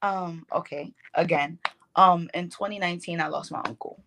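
A woman's voice: on the low side, normal speed, bright, forceful tone, slight background noise. A woman poet in a casual interview, talking in a heartfelt, rambling way with many fillers. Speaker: poet guest.

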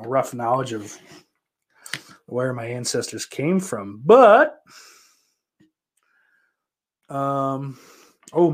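A man from Western New York streams and chats loosely with his viewers at a medium pitch. He rambles from one topic to the next, swears constantly and keeps breaking off mid-sentence to restart. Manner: rambling, profane, self-interrupting. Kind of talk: casual chat answering viewer questions.

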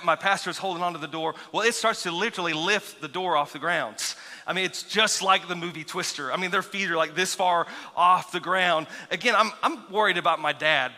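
A male pastor who grew up near Seminole tells stories in a sermon, his voice high and ringing. He's animated and chatty, teasing himself and restarting often, and the long reverb of a large sanctuary surrounds him.

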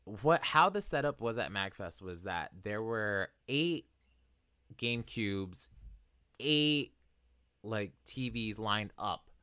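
A young man chatting casually as a podcast co-host, an animated storyteller who acts out quotes and laughs often. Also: lowish voice, slow, smooth, dry recording, clean studio sound. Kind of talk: casual chat.

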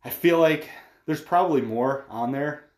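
A man's voice: fairly high pitch, normal speed, darkish tone. A man co-hosting a podcast in casual chat, talking loosely with lots of "like" and frequent laughs. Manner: conversational, laughs often, uses "like" a lot. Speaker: podcast co-host. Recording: roomy echo.

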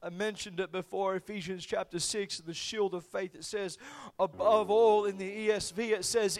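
Male preacher, high voice, fervent sermon delivery with big swings from hushed to loud. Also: steady tone, moderate pace, music in the background. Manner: impassioned, swinging from quiet to loud.

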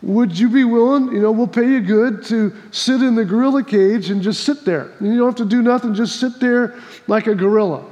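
A man's voice: very high-pitched, a little fast, a little mellow, in a large hall, lo-fi sound. A man preaching a sermon, telling a folksy joke before reading scripture, with many restarts and repeats. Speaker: pastor.

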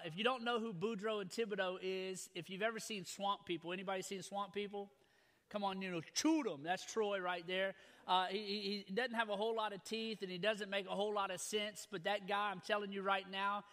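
Pastor guy in his 30s, higher voice for a man, folksy and fired up, repeats himself a lot. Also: fairly quick. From Louisiana. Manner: folksy, repetitive, energetic. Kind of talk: sermon.

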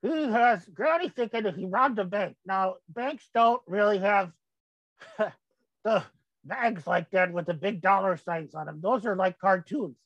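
A man's voice: sits high, a bit bright, no echo, poor audio. An older man hosting his own show, rambling in a folksy way as he comments on photos. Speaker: podcast host.

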